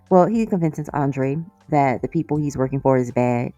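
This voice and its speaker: A woman with a low, mellow voice recaps a TV episode in a loose, chatty way. She breaks in with animated, exasperated asides and laughs often. The sound is dry and close, with faint music underneath. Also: normal speed, no echo. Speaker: series reviewer.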